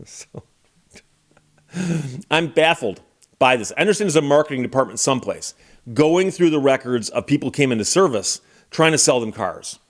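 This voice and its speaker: A man's voice: medium pitch, lively intonation, normal speed, pauses often. A middle-aged man who is a lawyer and channel host, telling a story in a casual monologue with a wry, exasperated manner.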